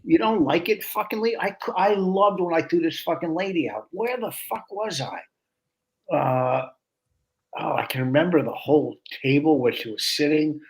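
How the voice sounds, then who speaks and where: A man's voice: a little high, normal speed. A man, a comedian guest on a podcast, talking bluntly and brashly with lots of swearing. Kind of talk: casual chat.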